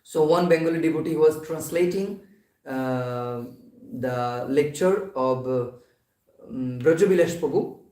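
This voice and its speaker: A man delivers a devotional talk in a temple hall, pausing often and restarting his sentences. His voice sits a little high. The sound is roomy and picked up from some distance away. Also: a little mellow. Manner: halting, many fillers and restarts. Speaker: temple lecturer. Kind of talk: devotional class.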